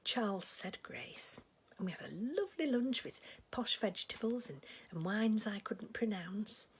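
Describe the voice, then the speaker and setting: Heavily acting the part, a woman plays a sentimental, gossiping village elder in a comic monologue that rambles along chattily. Her mid-range voice is expressive, a little slow, and very breathy and husky.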